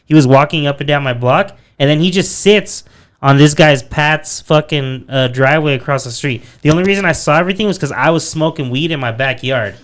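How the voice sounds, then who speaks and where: Brief: young male podcaster, higher register, clean tone, profane and animated storyteller. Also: a little fast. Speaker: podcast co-host telling a story. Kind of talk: casual podcast chat.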